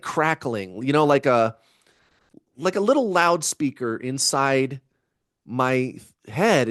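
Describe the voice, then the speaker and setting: A middle-aged man talks to his viewers in a loose, rambling way, peppering his speech with fillers and the odd swear word. His voice sits at an ordinary pitch for a man. The recording is close and dry, with no room sound. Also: dry recording. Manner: rambling, laid-back, swears casually. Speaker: spiritual vlogger. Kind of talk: casual chat to camera.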